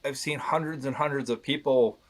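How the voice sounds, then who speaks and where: A man's voice: medium pitch, steady tone, brisk. A man in his thirties, a podcast guest, speaking candidly and earnestly, often restarting his sentences. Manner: earnest, rambling with many restarts. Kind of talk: candid conversation.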